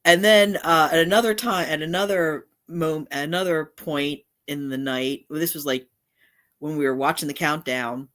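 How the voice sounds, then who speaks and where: A woman's voice: deep voice, moderate pace, a bit bright. A middle-aged woman hosting a casual livestream, talking in a rambling way with many restarts and asides. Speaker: channel host.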